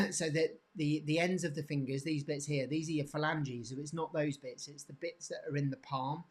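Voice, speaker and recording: A man teaching hand anatomy off the cuff, pointing to bones, with many restarts and frequent throat clearing. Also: a little high. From England. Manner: halting, repeats words, frequent throat clearing. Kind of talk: unscripted teaching demonstration.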